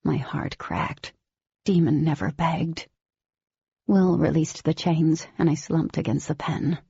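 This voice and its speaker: A woman giving scripted first-person audiobook narration in a steady, even storytelling manner. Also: low-pitched, slow pace, gravelly, husky, dry recording, lo-fi sound.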